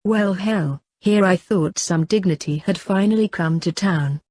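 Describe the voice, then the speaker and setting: A brisk, snobbish petite mother from an audiobook, put on by a woman reader. She talks in a clipped, affected way, in a low, husky voice that sounds dry and close. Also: a little mellow, no echo.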